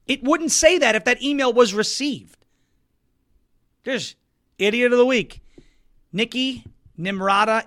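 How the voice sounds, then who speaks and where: A male political talk host with a very high, bright, cutting voice. He delivers sarcastic, mocking commentary and keeps breaking into exaggerated put-on quotes.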